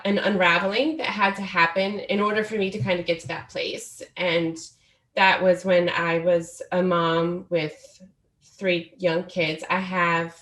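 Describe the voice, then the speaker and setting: A woman's voice: lowish voice, fairly bright tone, roomy sound. A woman in her forties, a guest author telling her story in an earnest, reflective way during a podcast interview. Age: 40s.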